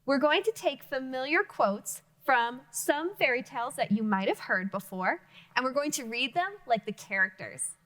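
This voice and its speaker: A woman teaching early readers in a high, bright voice. She speaks slowly and clearly, with a lively, bouncing pitch that suits young children. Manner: slow, clearly enunciated, encouraging teacher talk. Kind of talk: reading lesson for young children. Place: classroom-style video lesson.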